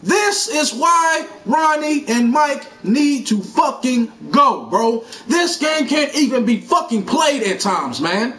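A man hosting a gaming channel, ranting about a video game in an angry, sarcastic and profane way, shouting in bursts of outrage. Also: very high-pitched, very animated, takes it slowly, hardly any pauses. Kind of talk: angry gameplay rant.

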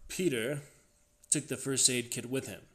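A man reads a tense novel aloud with a dramatic, expressive delivery. His voice sits at an ordinary middle pitch, rising and dropping with the action of the story. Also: measured pace. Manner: dramatic, varied expressive reading. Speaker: reader.

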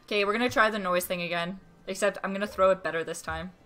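A woman streaming a game, chatting casually, swearing freely and breaking into sudden excited outbursts. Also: medium pitch, quick pace. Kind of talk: casual live-stream gameplay chat.

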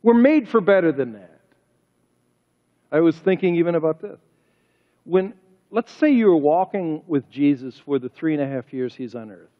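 A male pastor preaches a sermon in a fairly high voice, pressing his points with rhetorical questions. His words ring with a long reverb through the church sanctuary. The recording sounds dull and lo-fi. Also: animated, moderate pace, long pauses.

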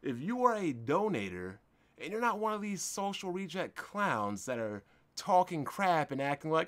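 Indignant man ranting with lively pitch. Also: measured pace. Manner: confrontational, indignant, emphatic with swings in loudness. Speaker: podcast host. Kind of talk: ranting monologue.

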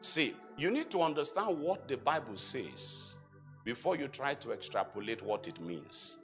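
A male preacher with a bright, ringing voice gives a sermon in a church. His pitch swings widely as he reads scripture, quizzes the congregation and rises into loud, emphatic exhortation. Faint music sits under him. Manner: asks the congregation rhetorical questions and answers them himself; reads scripture aloud in old-fashioned language, slow and emphatic. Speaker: apostle preaching.

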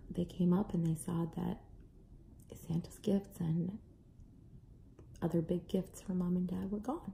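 Young mom vlogging, gravelly low dark voice, tells it lively. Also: female voice, unhurried, long pauses, a little hiss or hum. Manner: animated, acts out kids' and own voices. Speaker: parent vlogger. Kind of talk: casual storytelling to camera.

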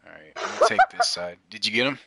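A man chatting with his son while they play a video game, teasing and lecturing him playfully, often dropping to a soft murmur. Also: on the low side, wildly swooping pitch, quick pace, a little hiss or hum. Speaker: dad gaming with his son. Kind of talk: casual chat while playing a video game.

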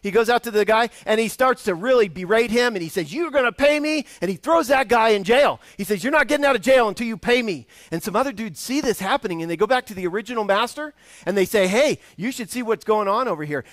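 A man's voice: high-pitched, animated, quick pace, no echo. A man, a guest preacher in a church, giving a conversational sermon with frequent restarts and acted-out voices from a parable. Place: church sanctuary.

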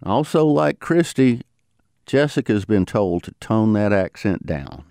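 A man hosting a podcast, narrating in a lively, conversational storytelling manner. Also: lowish voice, unhurried, vocal fry, dry recording, clean studio sound. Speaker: podcast host. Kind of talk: scripted narration.

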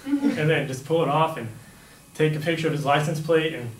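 A young man tells a story from his own life in a relaxed, rambling way, sprinkling in "like" and "you know." His voice sits a little higher than most men's. It bounces around a hollow room, picked up from some distance, with a faint hum behind it. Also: a little fast, roomy sound. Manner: rambling, lots of "like" and "right?". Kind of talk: casual personal storytelling.

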